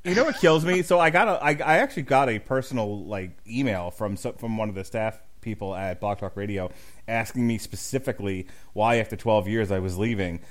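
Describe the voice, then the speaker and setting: A man's voice: on the low side, a little fast. A man hosting a podcast in casual chat, jokey and laughing often, with mock outrage. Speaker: podcast host.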